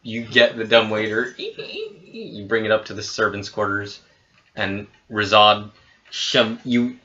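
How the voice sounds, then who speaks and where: Game master, male, medium pitch, halting read-aloud delivery, dull lo-fi audio. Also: big pitch swings, sharp tone. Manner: reads scene descriptions with hesitant restarts. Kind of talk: narrating a tabletop game. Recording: dull lo-fi recording.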